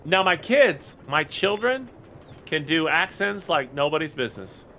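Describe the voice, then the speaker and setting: A man's voice: a little high, big pitch swings, unhurried, bright, forceful tone, slight background noise. A man casually chatting on a live game stream, greeting viewers by name and rambling with fillers.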